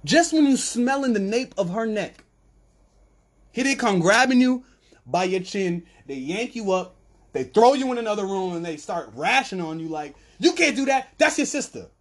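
A man's voice: sits high, normal speed. A man hosting a podcast in a loose, rambling comedic monologue. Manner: animated storytelling with voiced bits, loose and rambling. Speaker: podcast host.

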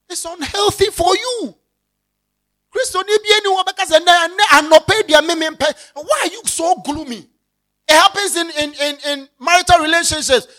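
This very high-pitched pastor speaks with a Ghanaian accent, giving an animated sermon that mixes Twi into English. He acts out daily scenes and shouts now and then for emphasis.

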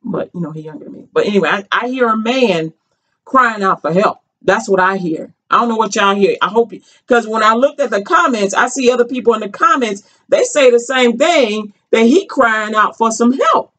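A woman's voice: fairly high pitch, moderate pace, a bit bright. A woman vlogger in casual storytelling commentary, chatty and rambling, with many fillers and restarts, colloquial and earnest.

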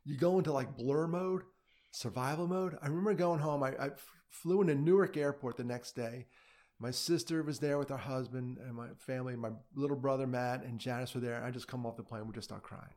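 A man's voice: medium pitch, a little fast, a little mellow. A middle-aged man, a podcast guest, telling a personal story in a candid, conversational way, with quoted asides.

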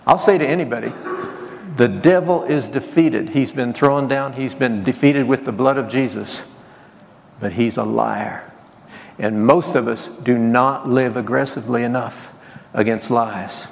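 A man's voice: mid-range voice, moderate pace, big-room sound. A man preaching a sermon as pastor, calling on the congregation to repeat lines and acting out quotes in his talk. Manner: preaching with call-and-response and acted quotes.

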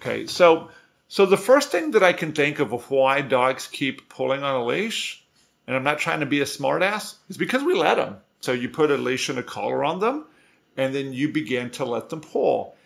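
A man's voice: medium pitch, moderate pace, gravelly. A man working as a dog trainer, giving casual, conversational tips with frequent restarts. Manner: relaxed, conversational, many restarts. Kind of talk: casual instructional talk.

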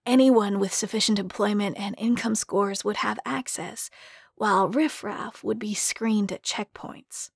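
A woman voicing a scheming older woman senator who talks in a hushed, confiding way. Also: medium pitch, steady tone, measured pace, vocal fry, breathy edge, no echo, clean studio sound. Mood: cool.

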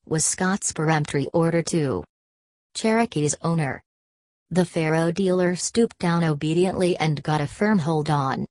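A woman narrating a novel aloud in a steady, measured reading. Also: deep voice, dry recording. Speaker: audiobook narrator. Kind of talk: scripted narration.

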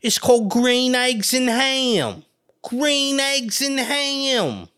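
A man voicing a crude mother who loudly calls her young son over, in a high, cussing voice. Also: animated, very slow, clean tone, full character voice. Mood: hollering.

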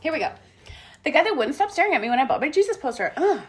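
A woman's voice: high-pitched, big pitch swings, racing. A woman in her late thirties hosting a casual chat, reading old diary entries aloud, giggling and spelling words out. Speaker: podcast host.

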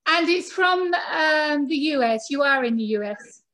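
A woman's voice: sits high, animated, unhurried, a bit bright. A woman hosting a podcast interview, chatty and a little rambling as she introduces and questions her guest. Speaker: podcast host. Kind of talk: casual interview chat.

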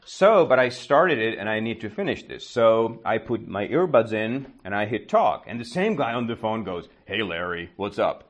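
Guy doing stand-up, telling a story, super animated, voice swings up and down, mid pitch. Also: normal speed, hardly any pauses. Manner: animated, acts out the dialogue. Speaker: stand-up comedian.

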